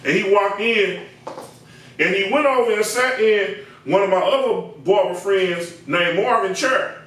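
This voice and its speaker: A man with a high-pitched voice spins a slangy, animated barbershop tale and acts out the people in it. The recording is distant from the mic and very echoey, as if caught from across a bare room. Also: unhurried. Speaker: barber and comedic storyteller. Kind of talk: comedic storytelling.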